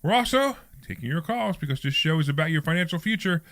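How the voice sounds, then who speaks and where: Radio host, male, animated and fast, bright tone, jokey studio banter. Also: on the high side, no room sound. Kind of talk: lively radio talk show banter. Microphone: studio microphone.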